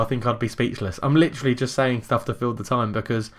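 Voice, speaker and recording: A man doing let's play commentary on a football management game, calling the action play by play and getting loud and excited at goals. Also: medium pitch, quick pace, few pauses. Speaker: gaming YouTuber.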